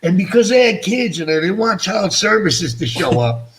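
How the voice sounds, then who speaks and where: With a high, sing-song, slightly bright voice at an ordinary pace, a middle-aged man runs a casual fish-keeping livestream. He wanders from topic to topic, swears freely and mocks himself, and his missing front teeth affect how he talks.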